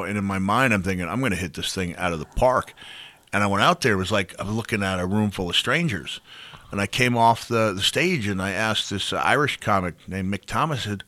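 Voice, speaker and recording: Lively rambling man, bright and dry. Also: lowish voice, no echo. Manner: rambling, animated storyteller with many fillers. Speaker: guest. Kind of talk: casual interview storytelling.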